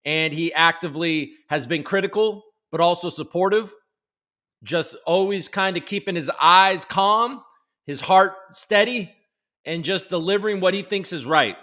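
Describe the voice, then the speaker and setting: A man's voice: high voice, a little slow, pushed and bright. A man hosting a casual live-streamed crypto news show, rambling and jokey, often restarting his sentences and swearing now and then. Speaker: host of a daily crypto news livestream. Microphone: desk microphone.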